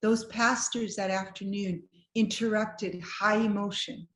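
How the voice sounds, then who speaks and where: A woman guest telling a personal story with lively, self-deprecating humor, acting out what people said. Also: mid-range voice, unhurried. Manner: acts out quoted dialogue. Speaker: guest sharing a personal testimony. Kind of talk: conversational storytelling. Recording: roomy echo.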